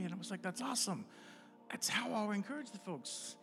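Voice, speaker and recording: A man in his fifties giving an informal, conversational sermon, acting out his inner dialogues in lively voices and closing in prayer. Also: high-pitched, fairly quick, creaky. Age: 50s. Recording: music playing behind.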